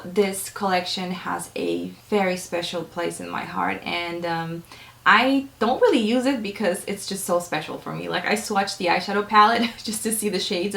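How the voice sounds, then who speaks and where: A woman's voice: medium pitch, gravelly, a bit bright, reverberant. A young adult woman chatting casually and enthusiastically to camera as a beauty vlogger, with lots of fillers. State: a little out of breath.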